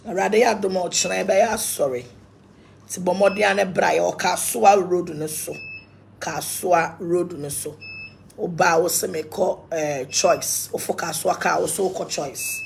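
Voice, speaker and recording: Ghanaian woman, preacher, gravelly voice, casual chat, faint noise behind. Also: lowish voice. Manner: preachy, mixes blessings with laughter. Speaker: self-styled preacher. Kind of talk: casual live video chat with church invitations.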